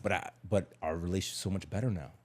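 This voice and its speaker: A man's voice: sits low, fast talker. A middle-aged man talking candidly on a podcast, emphatic and slangy, repeating words as he tells a personal story. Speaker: podcast guest.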